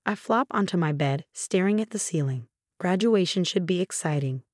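A woman narrating a first-person story in an even, steady way. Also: on the low side, normal speed, dry recording, clean studio sound.

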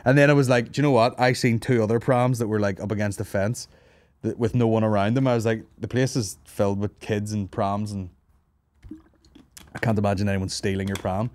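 Sweary Northern Irish man, lowish voice. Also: steady tone, fairly quick, a little mellow, no echo, clean studio sound. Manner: sweary, rambling, laughs often. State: hungover and tired. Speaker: podcast host. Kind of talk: casual comic storytelling. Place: office.

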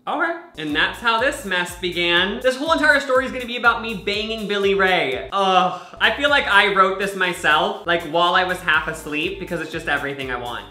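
Sassy man with a sharp bright voice. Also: sits high, animated, brisk, few pauses, reverberant, faint music behind. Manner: sassy, sarcastic commentary. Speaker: YouTuber. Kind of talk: reading an interactive story app aloud.

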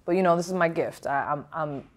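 A woman's voice: low-pitched, fairly quick. A woman boxer from Rhode Island, answering interview questions frankly and reflectively, with many fillers and restarts. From Providence, Rhode Island, USA. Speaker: professional boxer.

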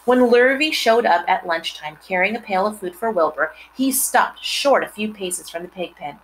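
A woman reading a children's novel aloud, expressive, with chatty asides to her listeners. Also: mid-range voice, normal speed, slight background noise, low-quality recording. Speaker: reader.

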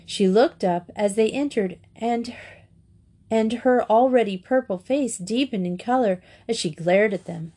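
A woman reading a children's novel aloud in a steady storybook narration. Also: on the high side, unhurried. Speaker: audiobook reader.

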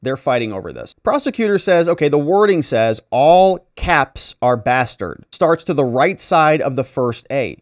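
Animated man recapping a trial. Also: on the high side, normal speed, hardly any pauses, no room sound, clean studio sound. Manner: animated, acts out quoted exchanges; sarcastic asides. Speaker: legal commentator.

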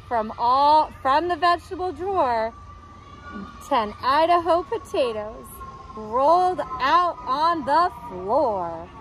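A woman teacher reading a picture book aloud to young children, expressive and playful, putting on voices for the characters. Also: high-pitched, rough recording. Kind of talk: read-aloud storytime for children.

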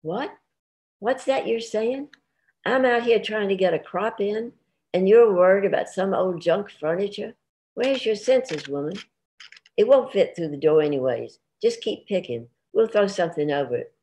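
A woman reading the part of a lean, gruff farmer who grumbles in rural dialect. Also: high-pitched, big pitch swings, a little fast, hardly any pauses, a little mellow. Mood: exasperated.

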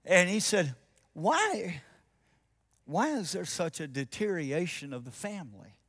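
Preaching in an unhurried, sing-song way, this high-pitched man relates a story in his sermon. He plays both people in a conversation and turns soft and intense whenever he hits an important point.

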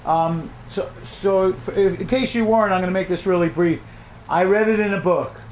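Man, high voice, middle-aged, songwriting teacher, animated storyteller, faint room hiss. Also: normal speed. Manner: animated, acts out his own reactions. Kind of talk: workshop talk to a class.

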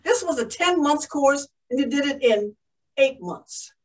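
A woman voicing a formal male flight instructor who speaks in a measured, ceremonious way. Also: sits high, expressive, recorded from a distance, poor audio.

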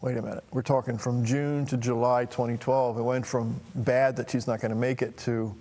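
Middle-aged man, gravelly voice, halting emotional storytelling, long hall reverb. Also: mid-range voice, level tone, warm tone. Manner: halting, emotional, many restarts. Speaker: talk show host. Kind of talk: personal storytelling.

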